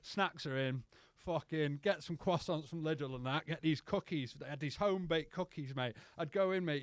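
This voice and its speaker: A man's voice: fairly high pitch, normal speed, hardly any pauses, dry recording. A man telling rambling, sweary personal stories as a podcast guest. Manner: rambling, sweary, says "mate" constantly. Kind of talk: casual storytelling.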